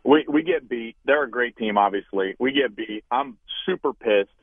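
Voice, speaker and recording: A man in his thirties, a former college quarterback, telling a story as an interview guest, with lively acted-out quotes. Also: medium pitch, moderate pace, dry recording. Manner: animated storyteller, acts out quoted voices loudly. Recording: tinny phone-like line, dry.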